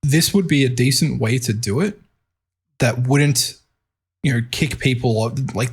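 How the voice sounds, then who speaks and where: A man's voice: medium pitch, slightly rough. A man co-hosting a casual gaming podcast, reasoning step by step and restarting his sentences as he thinks. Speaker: podcast co-host. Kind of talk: casual chat.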